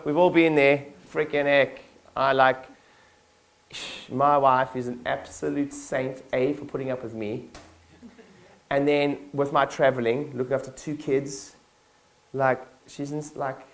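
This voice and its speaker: A man giving a motivational keynote to his staff in a conference hall, talking casually with lots of fillers and calling on the audience to respond. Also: medium pitch.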